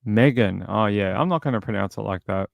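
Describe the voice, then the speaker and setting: A man's voice: lowish voice, expressive, fast talker, creaky, no room sound. A man casually commenting on a true crime case during a livestream, reading and answering chat, rambling with lots of fillers. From outside the US. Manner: rambling, many fillers and restarts.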